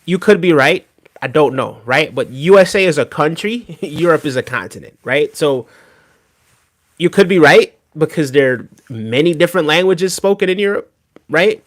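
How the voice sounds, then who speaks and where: Emphatic streamer, higher male voice. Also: lively intonation, moderate pace. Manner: emphatic, repeats "right?" often; reads and answers chat. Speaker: streamer reacting to video. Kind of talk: casual livestream reaction commentary.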